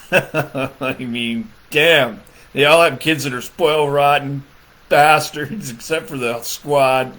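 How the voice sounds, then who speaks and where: Brief: unhurried male comedian, mid-pitched, ranting crudely and cracking himself up between lines. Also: pushed and bright. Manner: laughs often, crude, meandering with fillers. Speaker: political comedian. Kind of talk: rambling comedic rant. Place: Michigan.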